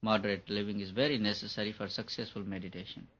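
A man's voice: on the low side, fairly even intonation, quick pace, fairly bright tone. A man giving a spiritual talk on meditation, repeating his points for emphasis. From India. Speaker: meditation teacher. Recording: dull lo-fi recording.

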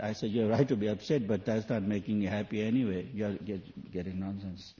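With a lowish, warm voice and a steady tone, a spiritual teacher talks a little fast as he preaches to an audience. He asks rhetorical questions in loose, non-native phrasing, heard through a dull lo-fi 1980s tape.

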